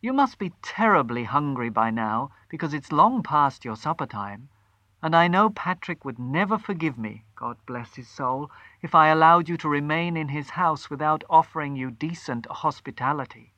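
A man voicing a soft, pleading young housewife. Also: fairly high pitch, animated, moderate pace, no echo, highs cut off. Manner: gentle, pleading.

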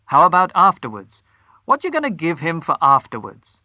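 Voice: medium pitch, huge pitch swings, moderate pace, dry recording, dull audio. A storyteller voicing a friendly, helpful male grocer behind a shop counter. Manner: genial, helpful shopkeeper talk.

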